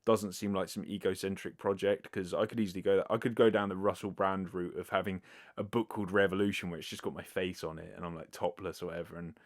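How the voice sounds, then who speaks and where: A man's voice: sits low, fairly even intonation, fast. A man hosting a casual solo podcast, answering listener questions in a rambling, filler-heavy way with casual swearing, speaking close to a sensitive mic. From United Kingdom. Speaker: podcast host. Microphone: close sensitive microphone.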